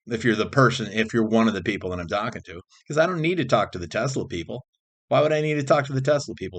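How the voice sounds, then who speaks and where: Fairly low in pitch yet a bit bright, this man's voice carries a casual, meandering vlog. He curses often, jumps between subjects, and frequently restarts his sentences and repeats himself.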